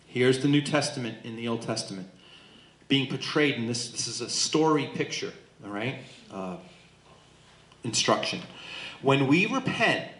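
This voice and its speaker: A man teaching a Bible study with emphatic, questioning delivery. His voice sits at a middle pitch. The sound carries a roomy echo. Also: a bit bright. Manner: emphatic, asks listeners questions. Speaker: pastor leading Bible study. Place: church room.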